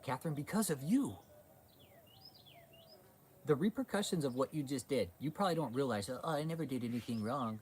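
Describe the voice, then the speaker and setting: A livestream host with a medium-pitched, expressive voice rants crudely, heatedly and sarcastically at a brisk pace with long pauses. It's a profane livestream rant, and the low-quality recording has a bit of hiss or hum.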